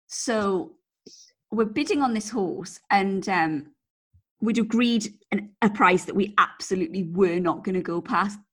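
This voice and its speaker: A woman's voice: medium pitch, a little slow, a bit bright, slightly rough. A woman co-hosting a podcast, telling a rambling anecdote in casual chat, sprinkling in "like" and swearing freely. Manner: chatty storyteller, swears freely, lots of "like". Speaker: podcast co-host.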